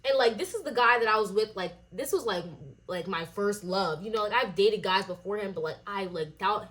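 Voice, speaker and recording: A young adult woman telling a personal story in a casual vlog, animated and full of fillers and swearing. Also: medium pitch, normal speed. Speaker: vlogger.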